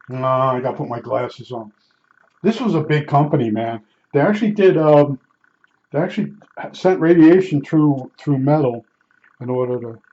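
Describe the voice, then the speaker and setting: A man's voice: fairly high pitch, warm tone, dull audio. Older blunt-talking man from New Jersey. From Newark, New Jersey. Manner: blunt and salty, with frequent restarts and asides. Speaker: vlogger recalling his work as a meter calibrator. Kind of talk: rambling casual storytelling.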